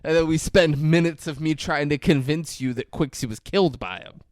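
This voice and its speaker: A man's voice: a little high, normal speed, dry recording. A young man co-hosting a podcast, needling his co-host in casual movie-review banter.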